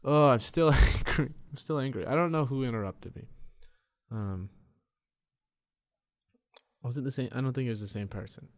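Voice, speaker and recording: A young man hosting a solo podcast, rambling in a frustrated, profane way with many restarts, talking quietly in a dark room. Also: mid-range voice, expressive, normal speed, pauses often. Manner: tends to talk quiet. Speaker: podcast host.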